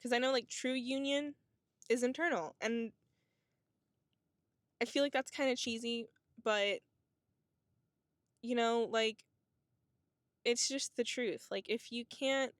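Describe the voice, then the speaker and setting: A woman's voice: fairly high pitch, fairly even intonation, slow, pauses often, no echo, studio quality. A woman in her twenties talking to camera in a casual, reflective monologue, musing in a spiritual way with lots of "like" and "you know". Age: 20s. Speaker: vlogger.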